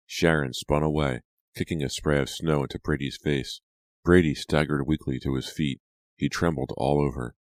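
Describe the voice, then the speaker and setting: A man reads horror narration in a steady, dramatic way. His voice sits extremely low. The recording is dry and close, with no room sound. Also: normal speed, no echo. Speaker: audiobook narrator.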